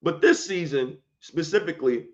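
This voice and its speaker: A man's voice: a little high, moderate pace, darkish tone, muffled recording. A man hosting a solo sports podcast, talking in a heated, slangy and emphatic rant.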